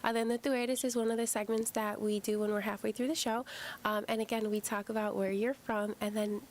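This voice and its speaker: A woman hosts a relaxed interview show, talking in a lively, joking way that drifts into Spanish now and then. Her voice sits a little high. A faint noise runs under the recording. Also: brisk. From Buffalo, New York. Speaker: host. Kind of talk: casual chat.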